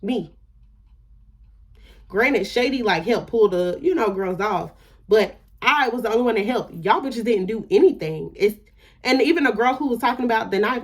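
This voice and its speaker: Speaking at a normal speed in a husky, mid-range voice with lively intonation, a young vlogger tells an indignant, emphatic storytime. She swears freely and lets details slide into "da, da, da."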